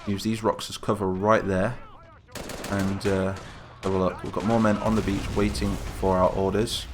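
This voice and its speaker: A man hosting casual, chatty game commentary, getting excited and calling out to the troops as he plays. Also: sits low, normal speed, noisy background. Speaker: gaming channel host. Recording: game gunfire and explosions behind voice.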